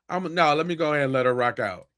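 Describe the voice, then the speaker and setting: A man's voice: on the high side, lively intonation, brisk, fairly bright tone, dry recording, studio quality. A man hosting a podcast, reacting to viewer clips with slangy, mocking banter. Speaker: podcast host.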